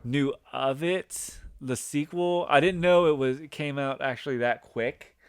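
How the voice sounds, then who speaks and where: A man's voice: mid-range voice, a little slow, clean tone, no echo, studio quality. A man in his thirties hosting a podcast in casual chat, rambling along with many restarts. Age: 30s. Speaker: podcast host.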